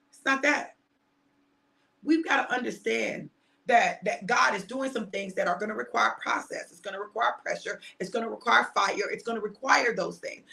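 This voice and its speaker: A middle-aged woman preaching informally to her online audience, shouting and emphatic at times, then reflective and personal. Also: on the high side, creaky. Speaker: preacher and host.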